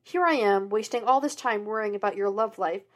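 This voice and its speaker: A woman's voice: mid-range voice, a little fast, close to an everyday voice. Woman reader plays stern older dad; scolding, snappish.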